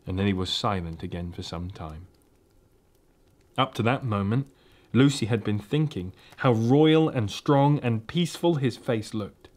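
A man reading a children's storybook aloud, in a gentle, steady and expressive way. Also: on the low side, unhurried. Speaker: reader.

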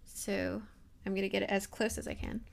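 A young woman walks through a software tutorial in a loose, rambling way, full of fillers and self-deprecating asides. Her voice sits at a middle pitch with a gravelly, fry-tinged edge. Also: level tone, fairly quick. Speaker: tutorial host. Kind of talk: casual screen-recorded software tutorial.

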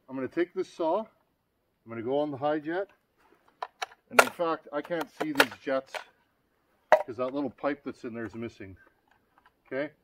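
A plain-spoken man walks viewers through a hands-on repair, calling them "guys" and talking straight to them. His voice sits a touch higher than most men's. At times he pushes it louder, as if over a running engine. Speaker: chainsaw repair demonstrator. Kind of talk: hands-on workshop demonstration.

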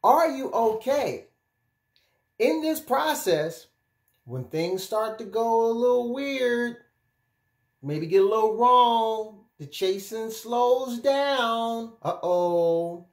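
A man speaking as a relationship and life coach, giving direct-to-camera advice in an animated, emphatic way, often checking in with his listeners. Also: very high voice, takes it slowly. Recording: echoey room.

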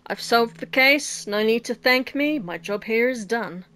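A woman's voice: a little high, animated, measured pace, bright, forceful tone. A young woman playing a horror game and commenting, joking sarcastically and giggling often. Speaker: let's play host.

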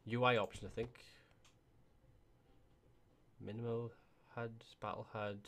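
A man's voice: medium pitch, level tone, unhurried, a little hiss or hum. A man with a Welsh accent giving casual gameplay commentary, thinking aloud as he plays. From Wales. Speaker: gaming YouTuber.

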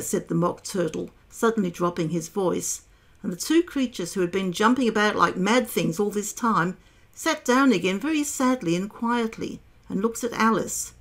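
A woman narrating a storybook aloud in a measured, expressive way. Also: mid-range voice, vocal fry.

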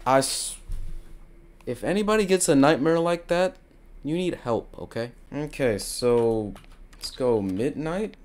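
A man's voice: medium pitch, lively intonation, unhurried, a little mellow. A young man giving jokey, casual commentary while playing a game, talking to his viewers and turning frantic when he panics. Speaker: gaming video creator. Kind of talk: casual let's-play commentary.

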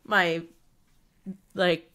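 A woman's voice: fairly low pitch, level tone, extremely slow, bright, forceful tone. A young woman co-hosting a podcast, chatting casually about her year, with frequent laughs and lots of fillers. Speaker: podcast co-host. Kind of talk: casual chat.

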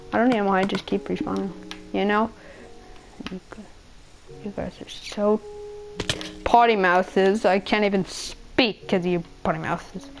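Slow-talking woman trash-talking in a game. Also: medium pitch, slight background noise. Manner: childish trash talk and insults; playful, mock-angry ranting. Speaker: gameplay video maker. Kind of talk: casual gaming commentary.

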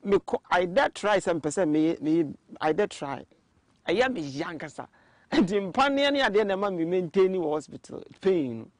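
A man, a guest in an interview, telling his story in a halting way and often repeating words. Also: sits high, very animated, no echo. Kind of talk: casual testimony interview.

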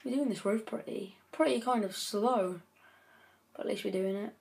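A woman's voice: mid-range voice, normal speed, gravelly, a little mellow. A woman giving chatty gameplay commentary, breaking into frequent frustrated outbursts. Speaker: gaming channel host.

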